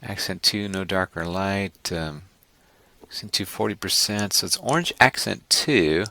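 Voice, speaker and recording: An unhurried man with a low voice leads an online class through a screen-recorded software tutorial. He wanders, corrects himself, and makes joking asides to students, all captured in a dry recording.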